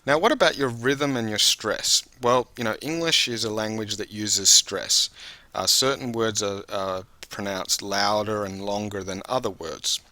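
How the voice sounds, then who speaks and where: A man's voice: lowish voice, fairly even intonation, unhurried, pushed and bright, dry recording. A man teaching a video lesson on reading aloud for an English speaking test, explaining patiently and talking straight to the viewer.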